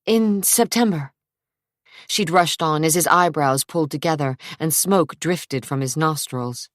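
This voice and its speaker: A woman narrating an audiobook in a measured, unhurried way, close to the mic. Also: low-pitched, a bit bright, no echo. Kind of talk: scripted narration.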